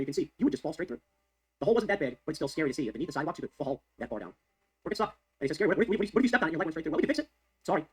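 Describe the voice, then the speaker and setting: A man's voice: a little high, husky. A man delivering heated, sarcastic political commentary on the news, repeating his points for emphasis. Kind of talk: fast ranting news commentary.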